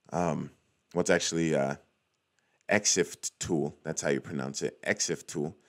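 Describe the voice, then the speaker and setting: A young man hosting a casual screen-recorded walkthrough, chatty and cheering small wins as he goes. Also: low voice. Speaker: cybersecurity tutorial host.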